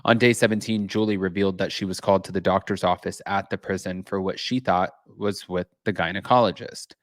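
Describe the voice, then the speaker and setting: Chatty low-voiced man hosting. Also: fairly even intonation, brisk, no room sound, studio quality. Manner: chatty, reads news aloud. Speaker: host. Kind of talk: casual chat. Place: home, with his cat.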